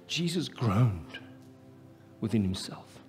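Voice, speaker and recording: Impassioned South African pastor in a hall. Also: male voice, fairly low pitch, very animated, takes it slowly. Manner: impassioned, rising to loud emphatic peaks. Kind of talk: live sermon. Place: church hall, live. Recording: echoey church hall with faint music.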